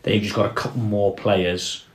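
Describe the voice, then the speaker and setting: Low-voiced man talking football, roomy room. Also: little pitch movement. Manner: measured, trails off and restarts, drops his voice on key points. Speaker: podcast co-host. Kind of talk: casual football chat. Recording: roomy echo.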